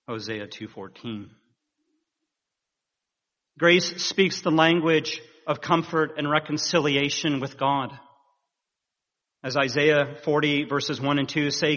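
A man preaching a sermon in a measured, earnest way, rising with emphasis at key points. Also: on the high side, bright, forceful tone. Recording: dull sound in a reverberant hall.

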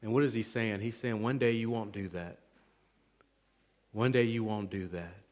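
A man preaching an expository sermon, emphatic, with swings between loud and quiet passages. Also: fairly low pitch, steady tone, moderate pace. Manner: emphatic, rising and falling in volume, restarts words. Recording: long reverb of a large hall.

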